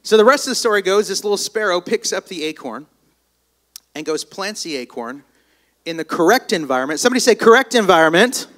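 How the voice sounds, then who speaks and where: A man's voice: sits high, a little fast. A man giving a motivational speech at a live event, telling stories with energy and calling on the crowd to respond. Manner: energetic, storytelling, calls on the crowd. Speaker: motivational business speaker.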